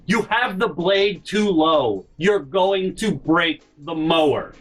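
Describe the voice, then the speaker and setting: A man voicing a grumpy old male neighbor who shouts at people. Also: fairly high pitch, animated, slow, faint music behind, voice pushed up. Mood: scolding. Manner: shouting, cranky.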